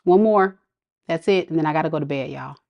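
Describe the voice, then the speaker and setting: A woman's voice: low voice, a little fast, gravelly, highs cut off. A woman with giving a casual, affectionate live tarot reading, chatting with viewers and laughing often. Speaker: tarot reader.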